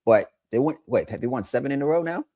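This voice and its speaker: Lively man talking sports. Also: medium pitch, quick pace. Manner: excitable, lots of restarts and laughter. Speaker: podcast co-host. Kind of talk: casual sports chat.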